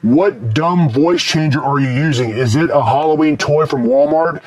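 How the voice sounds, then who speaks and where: A man's voice: fairly high pitch, normal speed, few pauses, a little mellow. A man with a mild Texas accent, speaking through a voice changer, answers viewer questions in blunt, profane, rambling casual chat.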